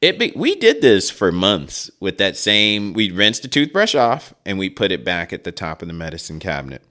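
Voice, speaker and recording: A man's voice: deep voice, huge pitch swings, moderate pace, pushed and bright. A man in his forties hosting a podcast, telling a rambling story in casual chat with chuckles and side remarks into a podcast mic. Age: 40s. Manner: rambling, chuckling, frequent asides. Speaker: podcast host.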